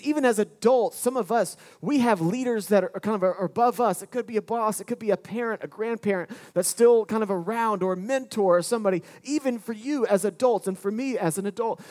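A man preaching a sermon, acting out the voices of the people he quotes, with big shifts in pace and loudness. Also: high-pitched. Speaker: pastor.

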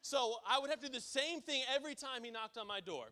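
A man's voice: extremely high pitch, fast talker, hardly any pauses, pushed and bright, slight background noise. A male preacher giving a sermon, telling a casual story that builds to emphatic preaching.

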